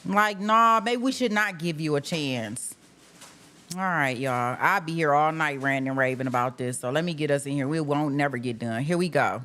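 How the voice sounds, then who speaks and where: Her voice low-pitched and a bit bright, a woman host of live trial coverage rants heatedly and casually at a normal speed. She sounds exasperated and emphatic, cursing and saying "how dare you" again and again.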